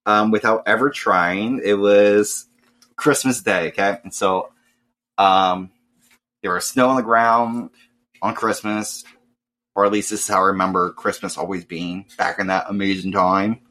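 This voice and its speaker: A young man telling a casual, profane story and acting out loud voices. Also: lowish voice, steady tone, measured pace. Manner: swears often, acts out voices loudly.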